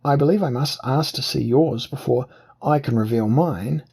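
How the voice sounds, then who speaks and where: A man's voice: mid-range voice, moderate pace, gravelly, warm tone, slightly rough. A man voicing a narrator in disguise as a common man, speaking in a wheedling whine. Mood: wheedling, defiant.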